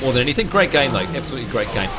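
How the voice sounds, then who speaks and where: An Australian man with a mid-range, sing-song voice rattles off upbeat play-by-play of a match he's playing while chatting to viewers on his livestream. He sounds slightly hoarse and clears his throat as he commentates.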